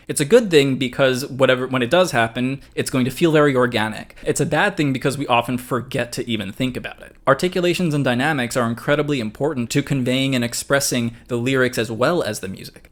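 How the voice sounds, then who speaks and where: A man giving a casual online lesson on songwriting, explaining step by step in a chatty way with joking asides. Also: medium pitch. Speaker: music teacher.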